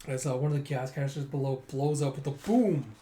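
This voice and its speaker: A man casually recapping a comic story in an animated way, acting out the lines. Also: medium pitch, brisk, a little hiss or hum. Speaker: manga recapper. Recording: roomy echo.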